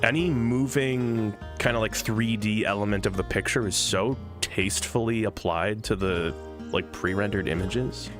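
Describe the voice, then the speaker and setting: A man's voice: fairly low pitch, moderate pace. A man streaming a game live, chatting casually and rambling, often restarting his sentences. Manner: rambling, chatty, self-interrupting. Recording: game music behind.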